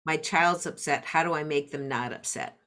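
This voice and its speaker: A woman's voice: deep voice, moderate pace, a bit bright. A middle-aged woman, a parenting coach and podcast guest, explaining step by step and acting out example phrases. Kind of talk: explanatory interview talk.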